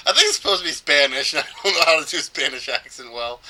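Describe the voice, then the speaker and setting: A man's voice: fairly high pitch, lively intonation, brisk, bright, forceful tone. A young man casually commentating a video game, joking and rambling with many fillers. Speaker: let's player.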